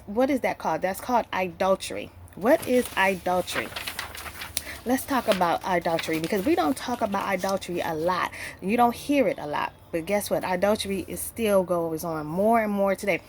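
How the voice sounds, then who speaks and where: A woman's voice: medium pitch, slight background noise. A woman giving a casual Bible lesson, talking conversationally, with many fillers and rhetorical questions. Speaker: Bible teacher.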